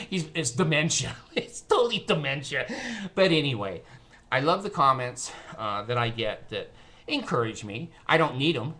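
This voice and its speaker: An older man holds forth alone in front of his camera, drifting from story to opinion with a sardonic laugh. His voice is bright and forceful, at a middling pitch for a man. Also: expressive, normal speed, a little hiss or hum. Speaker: vlogger. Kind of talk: casual monologue to camera. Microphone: camera mic.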